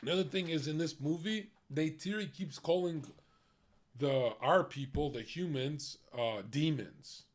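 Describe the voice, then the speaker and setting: A young man talks to his stream in a casual, blunt rant. His voice sits a little higher than most men's, and he swears freely as he runs through his opinions. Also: a little slow. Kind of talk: casual chat.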